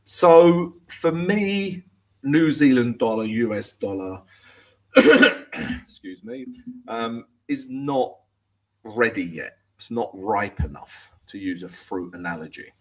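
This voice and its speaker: A man's voice: mid-range voice, slow pace. A man hosting a live trading show, chatting casually through chart analysis and talking to viewers.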